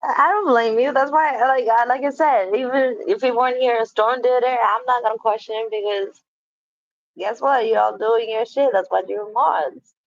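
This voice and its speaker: A woman's voice: fairly high pitch, steady tone, normal speed, gravelly, lo-fi sound. A woman hosting a casual livestream, greeting and chatting with viewers, laughing often and swearing freely. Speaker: livestream host. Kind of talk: casual livestream chat reading viewer comments.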